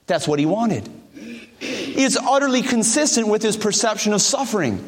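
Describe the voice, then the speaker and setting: A man's voice: high voice, sing-song, normal speed, long reverb tail. A man preaching a sermon to his congregation, asking them questions directly. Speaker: pastor.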